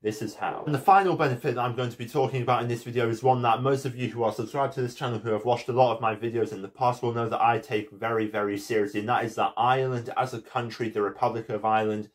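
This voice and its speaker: A man's voice: mid-range voice, fairly even intonation, fast, few pauses. A man hosting an explainer vlog, talking in a conversational, opinionated way with frequent "you know" fillers. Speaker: channel host.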